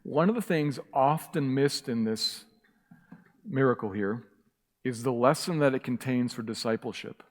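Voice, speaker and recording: Impassioned preacher in a reverberant church. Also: male voice, mid-range voice, a little slow. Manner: impassioned, emphatic repetition. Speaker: pastor. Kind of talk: sermon. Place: church sanctuary.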